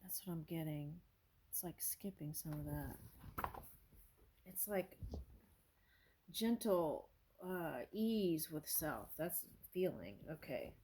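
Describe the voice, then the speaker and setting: Woman oracle reader at home, scattered and excitable, keeps backing up, spikes high when amazed. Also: takes it slowly, pauses often, slight background noise. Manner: bursts of high-pitched amazement. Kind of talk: casual spiritual reading with read-aloud prayers. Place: home with her dog nearby.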